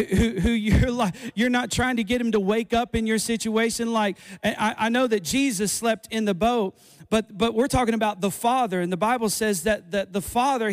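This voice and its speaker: A man preaching a sermon as pastor, repeating phrases and restarting lines as he builds to fervent emphasis. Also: very high voice. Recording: long hall reverb.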